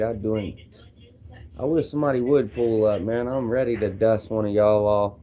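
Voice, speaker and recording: A man's voice: lowish voice, moderate pace, phone-quality sound. A young man from Louisville with a Kentucky accent, talking brashly and profanely on a livestream as he answers viewers' comments. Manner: brash, profane trash talk. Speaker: streamer.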